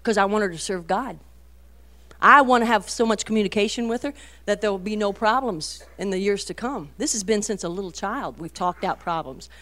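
A middle-aged woman giving a folksy, animated talk to a women's meeting, storytelling with many asides. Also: medium pitch, fairly quick. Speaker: Christian women's speaker.

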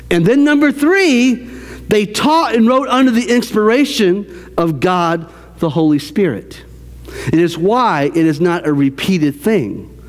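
High-voiced pastor preaching in a reverberant hall. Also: male voice. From American South. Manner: animated preaching with repeated phrases and restarts. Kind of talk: sermon. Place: church sanctuary.

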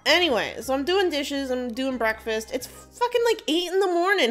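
A woman's voice: sits high, normal speed, few pauses, faint music behind. A young woman co-hosting a let's play, chatting casually and telling stories with a lot of swearing. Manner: swears a lot, animated storytelling. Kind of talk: casual gameplay chat.

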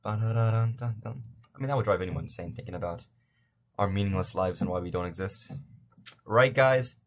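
A man's voice: low-pitched, a little fast, fairly bright tone. A young man casually commenting on a game from his bedroom, rambling and making self-deprecating jokes. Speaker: let's play gamer.

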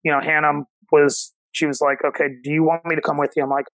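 Podcast guest: man in his 30s, from Ohio, gravelly, higher register, reflective and halting. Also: level tone, fairly bright tone, dry recording, rough recording. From Cincinnati, Ohio, USA. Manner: reflective, halting, many restarts and 'you know' fillers. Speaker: chef and restaurant owner, podcast guest. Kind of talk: casual interview storytelling.

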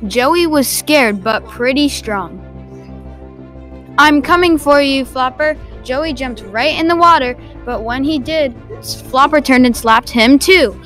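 Woman storybook narrator; high, bright, animated read-aloud delivery. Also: unhurried, few pauses, faint music behind. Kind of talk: storybook reading.

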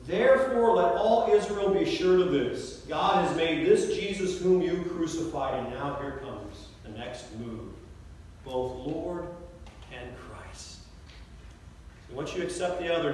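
A man's voice: fairly high pitch, animated, unhurried, darkish tone, slight background noise. A male pastor preaching a sermon in a conversational way, often asking the congregation questions. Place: church sanctuary. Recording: echoey church from a distant mic.

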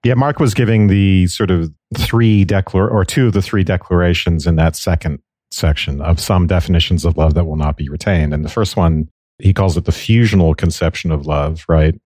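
A man's voice: low voice, steady tone, moderate pace, a little mellow, no echo. A man co-hosting a podcast, explaining philosophy in a lecturing way with some teasing. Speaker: podcast co-host. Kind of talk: casual philosophy discussion.

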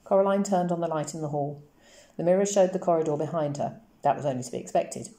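A woman teacher reading a novel aloud to her class for a lesson, in a slow, expressive storytelling manner. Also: low voice. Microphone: camera. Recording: roomy echoey recording.

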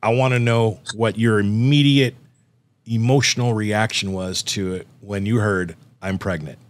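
A man's voice: fairly low pitch, fairly even intonation, unhurried. A man from Southern California hosting a podcast, asking easygoing, jokey questions. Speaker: podcast host. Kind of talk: casual interview chat.

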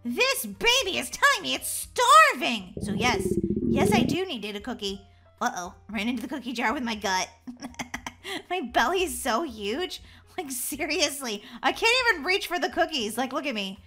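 A woman's voice: high-pitched, moderate pace, soft background music. A woman hosting a gaming channel, playing a giddy pregnant mom in a game role-play with lots of giggles. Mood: giggly. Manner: giggly, bouncy, excitable.

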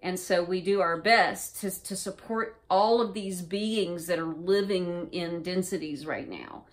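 A woman's voice: fairly low pitch, a little slow. A woman vlogger casually recounting an experience in a rambling, profane way, full of fillers. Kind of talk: casual first-person recounting.

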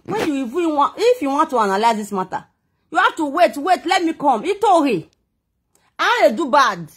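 A woman's voice: high voice, big pitch swings, normal speed. A Nigerian woman vlogging a heated, defensive, rambling rant to her viewers. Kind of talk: emotional personal rant to viewers.

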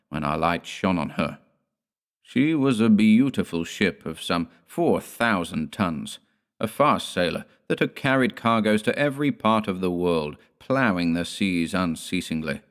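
A man reading a horror story aloud in measured, dramatic storytelling. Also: low-pitched, clear, resonant tone. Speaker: narrator. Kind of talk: scripted horror audiobook narration.

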